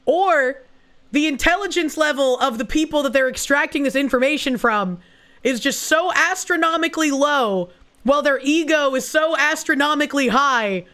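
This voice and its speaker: A woman's voice: high-pitched, moderate pace, fairly bright tone. A young woman streamer giving casual, sarcastic commentary on a video, swearing and rambling as she goes.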